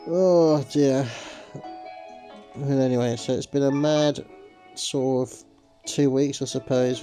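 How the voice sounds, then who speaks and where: A man's voice: mid-range voice, dark tone, rough recording. A man hosting a slot game video, rambling casually to viewers with lots of "sort of" fillers and calling them folks. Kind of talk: casual gameplay commentary.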